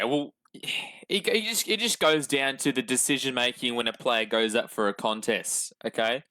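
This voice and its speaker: A man co-hosting a casual sports podcast, talking in a measured, hesitant way with lots of fillers. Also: medium pitch, sharp tone. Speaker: podcast co-host.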